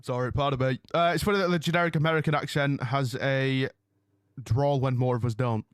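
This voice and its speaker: A man's voice: mid-range voice, fairly even intonation, brisk, smooth, dry recording, studio quality. A man hosting a live wrestling watch-along from home, chatting casually with his viewers and often losing his train of thought. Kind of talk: casual live-stream chat. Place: home room.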